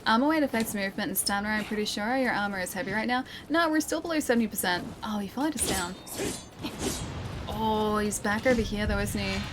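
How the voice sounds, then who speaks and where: A woman's voice: medium pitch, expressive, quick pace, noisy background. An Australian woman streaming a game live, chatting playfully, laughing often and answering her chat. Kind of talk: live gameplay commentary, reading chat.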